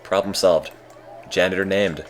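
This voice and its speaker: A man streaming a game with casual, deadpan, self-mocking commentary. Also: low voice, a little slow, crowd noise, background noise.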